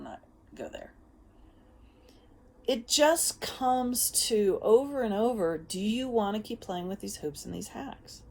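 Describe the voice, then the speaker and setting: In this relaxed vlog monologue, a woman offering self-help advice speaks with energy and bluntness, cursing freely and laughing a lot. Her voice falls in the middle range.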